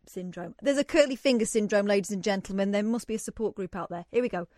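A woman hosting a radio phone-in, chatty and self-deprecating, with quick asides as she reads out stories. Her voice is recorded close and dry in the studio. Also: mid-range voice, a little mellow, no echo. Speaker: radio show host. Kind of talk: casual radio chat. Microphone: studio microphone.

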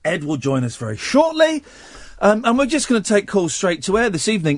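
This late-night phone-in radio host has a high voice with huge pitch swings, recorded on a studio microphone with no echo. He speaks casually, rambling and halting, restarting often, and is nursing a sore throat from a cold.

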